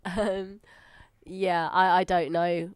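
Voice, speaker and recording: A woman's voice: lowish voice, flat delivery, takes it slowly, clear, resonant tone, dry recording, studio quality. A woman interviewing a guest for radio, friendly and a little hesitant. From England. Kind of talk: casual interview chat.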